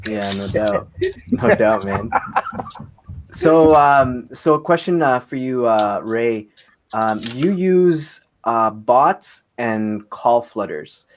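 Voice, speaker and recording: A man hosting a casual interview, excitable and quick to laugh. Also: medium pitch, noisy background. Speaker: podcast host.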